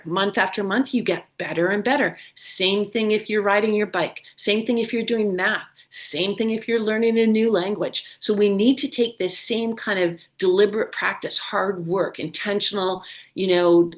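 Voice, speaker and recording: Middle-aged female webinar speaker, earnest and encouraging, leans on repetition, mid-pitched voice. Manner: earnest, encouraging, repeats phrases for emphasis. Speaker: neuroscience author and webinar speaker. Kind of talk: webinar talk.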